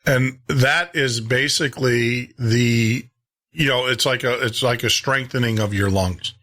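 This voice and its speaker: A man from Tennessee hosting a show, chatting casually with frequent pauses and restarts. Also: mid-range voice, bright, forceful tone. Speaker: radio show host. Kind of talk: casual chat.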